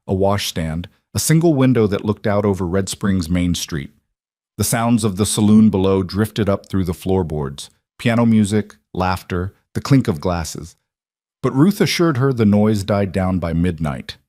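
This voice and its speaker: A man narrates a story in a measured, even manner. His voice sits low, and the recording is dry and close. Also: no room sound. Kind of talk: scripted narration.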